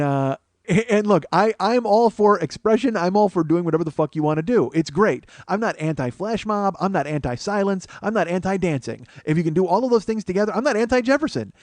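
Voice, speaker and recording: A man hosting a podcast, telling a comic story as a profane rant that swings between mumbled asides and loud outbursts. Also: high voice, lively intonation, brisk, no room sound. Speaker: podcast host. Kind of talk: comedic storytelling monologue.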